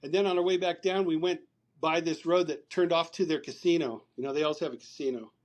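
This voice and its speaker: A man's voice: on the high side, steady tone, fast talker. A man, a podcast guest, telling a long story over a remote call, rambling and repeating words as he recounts conversations.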